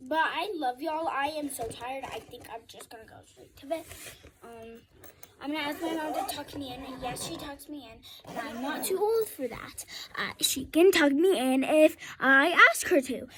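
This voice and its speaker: A woman's voice: high voice, moderate pace, background noise. A young girl rambling casually to her viewers in a chatty vlog, often calling them "y'all". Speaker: vlogger.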